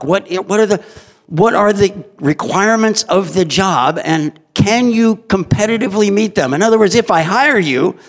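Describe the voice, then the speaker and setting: Blunt, joking middle-aged man in a hall. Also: sits high. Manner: blunt, joking, conversational, chuckles often. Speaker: employer giving a talk. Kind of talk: humorous speech to an audience. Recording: long hall reverb.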